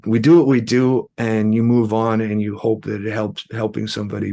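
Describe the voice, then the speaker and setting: A fairly low, gravelly male voice with a rough edge to it. He is a podcast guest telling a personal story, earnest and halting, with frequent ums and restarts. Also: darkish tone. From Canada. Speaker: guest musician.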